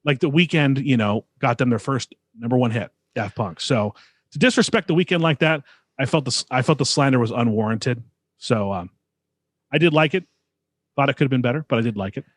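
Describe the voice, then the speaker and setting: A man's voice: medium pitch, brisk, no room sound, studio quality. A man co-hosting a podcast in casual chat, teasing his co-host and rambling with lots of fillers.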